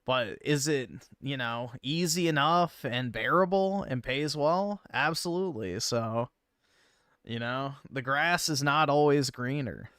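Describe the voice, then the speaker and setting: Brief: male streamer, smooth and dry close sound, laid-back casual chat with mumbled asides. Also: medium pitch, a bit bright, no room sound. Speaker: livestream host.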